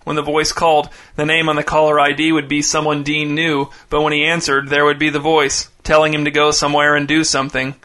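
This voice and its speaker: Deadpan male story narrator, bright tone. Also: fairly high pitch. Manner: measured, deadpan reading. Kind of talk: scripted short story narration.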